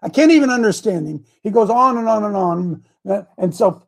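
A man's voice: high voice, expressive, fairly quick. A man hosting an online group, telling a rambling story with many restarts. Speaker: host.

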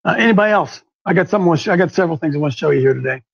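A man's voice: on the high side, animated, racing, vocal fry, husky, muffled recording. A man hosting and preaching to a small live group, fiery and emphatic, repeating key words for force. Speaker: show host and preacher.

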